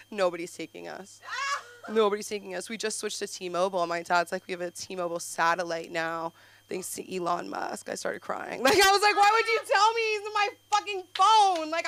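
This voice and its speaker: A young woman at an open-mic comedy night, rambling in scattered bursts full of "like", swinging from mutters to loud shrieks. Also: medium pitch, slight background noise. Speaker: stand-up comedian. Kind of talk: open-mic stand-up set. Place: comedy club stage.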